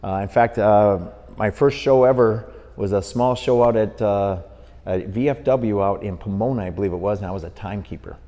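A middle-aged Wisconsin man, a boxing referee appearing as a podcast guest, spins a long tale in an interview and acts out the people he quotes. His voice is lowish and his pace normal, and the recording sounds like a large hall.

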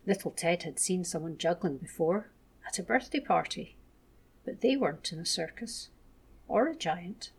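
A woman gently reading a children's bedtime story aloud as a storyteller. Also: fairly low pitch, expressive, normal speed, gravelly, husky.

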